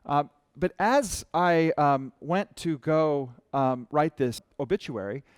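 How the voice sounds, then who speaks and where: A man's voice: fairly high pitch, takes it slowly, clear, resonant tone, dry recording, clean studio sound. A man giving a talk as a writer in the experience design business. He tells personal stories in a conversational way and acts out the lines of the people in them. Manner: conversational storyteller who acts out quoted dialogue. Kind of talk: storytelling presentation talk.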